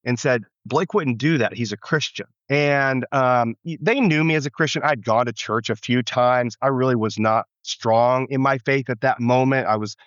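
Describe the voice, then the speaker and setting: A man's voice: medium pitch, steady tone, moderate pace, few pauses, fairly bright tone, clear, resonant tone, no room sound. A man from the United States, a pastor, telling his story in an interview in an earnest, reflective way with frequent restarts. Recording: dull muffled lo-fi sound.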